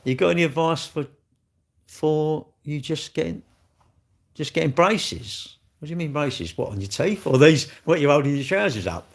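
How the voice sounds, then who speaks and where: A man's voice: on the high side, animated, moderate pace, creaky. A middle-aged man, chatting bluntly and ramblingly on a livestream as he answers viewers' comments. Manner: blunt, rambling, chatty with frequent restarts and laughs. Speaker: livestream host.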